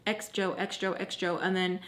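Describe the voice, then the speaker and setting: A woman's voice: on the low side, level tone, moderate pace. A young adult woman vlogger telling a personal story in rambling, filler-heavy casual talk.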